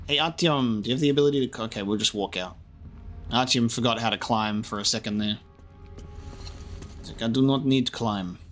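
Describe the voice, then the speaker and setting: With soft music in the background, a gaming streamer talks briskly in a fairly low, slightly bright voice, leaving long pauses. He jokes and chats to himself casually as he plays through a video game.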